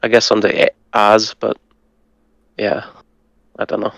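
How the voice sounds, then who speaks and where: A man who speaks Hungarian natively, patiently tutoring and breaking words down slowly, with some hesitant fillers. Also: fairly low pitch, little pitch movement, gravelly, dry recording, poor audio. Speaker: language tutor. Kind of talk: casual language lesson.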